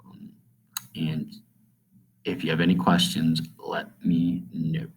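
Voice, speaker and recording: A man with a notably low voice walks students through a review lesson. He talks in a plain, conversational way, stopping often with "um" and "okay?" to check they follow. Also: completely flat delivery, slow, a little hiss or hum, rough recording. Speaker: teacher.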